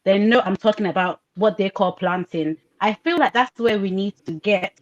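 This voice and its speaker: A woman's voice: mid-range voice, moderate pace, background noise. A woman talks in a casual podcast discussion, pressing her points with emphatic repetition. Her voice sits in a middle range and comes through a slightly muffled, lo-fi video call line. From Nigeria. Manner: passionate, emphatic, repeats points for stress. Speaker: podcast co-host. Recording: slightly dull lo-fi call audio.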